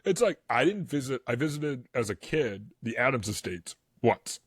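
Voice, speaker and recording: Husky-voiced man telling rambling stories. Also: medium pitch, sing-song, no room sound, clean studio sound. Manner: rambling storyteller, quick to laugh, acts out quoted voices. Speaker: podcast co-host. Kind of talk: casual podcast chat.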